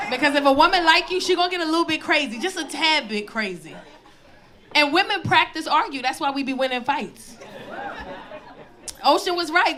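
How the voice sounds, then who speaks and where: Performing stand-up on a comedy club stage, a woman in her 40s with a high, loud voice tells animated stories and yells the punchlines. It's a live club recording, with the crowd's laughter audible in the background.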